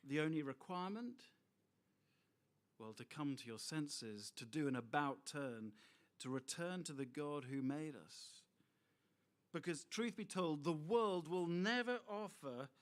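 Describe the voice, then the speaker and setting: A middle-aged man preaching a sermon, expressive and full of rhetorical asides to his listeners. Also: on the high side.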